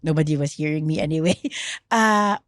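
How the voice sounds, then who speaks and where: Middle-aged woman, Filipino accent, podcast guest, animated and code-switching, dry close mic. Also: sits low, normal speed, dry recording. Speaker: podcast guest, trauma researcher. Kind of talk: casual podcast chat.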